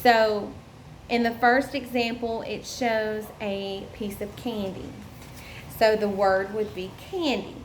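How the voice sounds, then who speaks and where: A young woman presenting a lesson plan, explaining step by step with many ums and pauses. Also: mid-range voice, steady tone. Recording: echoey room with faint noise.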